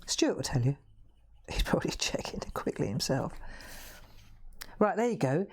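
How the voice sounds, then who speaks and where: A woman's voice: low-pitched, big pitch swings, moderate pace, breathy edge, in a whisper. A woman hosting a live colouring demonstration, chatting, laughing often and making self-mocking asides. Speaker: craft show host.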